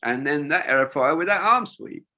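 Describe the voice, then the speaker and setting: A man's voice: a little high, expressive, moderate pace, pushed and bright. An older man, a wingsuit designer, telling rambling stories in a casual interview, with lots of fillers and restarts.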